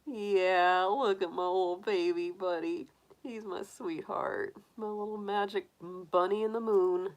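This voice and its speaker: A woman's voice: mid-range voice, steady tone, a little slow. A woman hosting a casual livestream, cooing in baby talk to her pet rabbit and chatting with viewers. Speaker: tarot reader livestream host.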